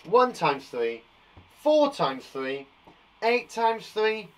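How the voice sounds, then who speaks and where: Teacher, male, slightly high voice, playful and encouraging, live kids' maths lesson. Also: sing-song, very slow. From England. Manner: playful, encouraging, chats to viewers by name. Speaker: primary school teacher. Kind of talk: live online maths lesson for young children.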